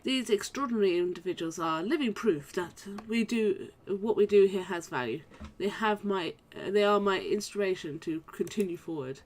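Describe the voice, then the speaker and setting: A woman gives voice to a kind, earnest male orc who runs a charity in a video game. The delivery is formal and sincere, read aloud rather than acted, at a middling pitch and a slightly softer level than her usual chat. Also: lively intonation, moderate pace, hardly any pauses, natural voice.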